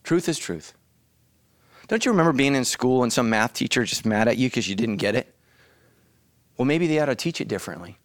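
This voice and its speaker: A man preaching a sermon as the pastor, animated and bursting into loud shouts. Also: medium pitch, a little fast, long pauses, no room sound. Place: church.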